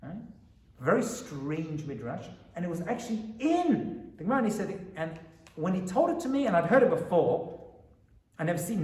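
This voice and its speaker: A man, a rabbi, giving an animated Torah lecture to a live audience, often asking them questions. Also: fairly high pitch, reverberant, recorded from a distance.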